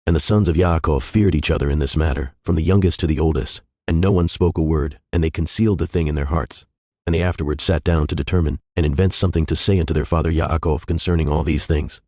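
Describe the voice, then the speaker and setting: Man with a super deep voice reading old scripture, quick steady delivery, dry close sound. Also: dry recording. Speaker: scripture reader. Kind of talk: scripted narration.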